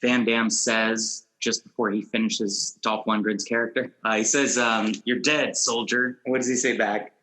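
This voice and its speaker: A man's voice: fairly low pitch, level tone, normal speed, hardly any pauses, sharp tone, low-quality recording. A man hosting a casual movie podcast, asking long rambling questions and laughing often. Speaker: podcast host.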